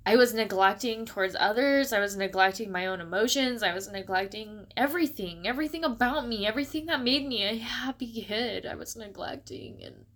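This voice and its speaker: A young woman talks through her feelings in a personal monologue. Her voice is halting and emotional, and she stays close to tears. She pauses often and starts her sentences again. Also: on the high side, a bit bright. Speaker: vlogger.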